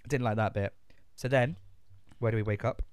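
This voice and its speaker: A man's voice: on the low side, clear, resonant tone, dry recording, studio quality. A man, recapping a film in casual chat with a co-host, swearing often and acting out characters. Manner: sweary, animated, acts out characters in quick asides. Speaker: podcast co-host.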